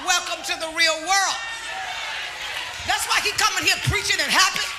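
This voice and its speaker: A high-voiced middle-aged woman preaches a lively sermon, calling to the congregation and drawing loud replies. The recording is a live church service, with constant noise and a responsive crowd behind her. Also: normal speed. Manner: testifying and shouting to the congregation, call-and-response. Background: congregation laughing and responding.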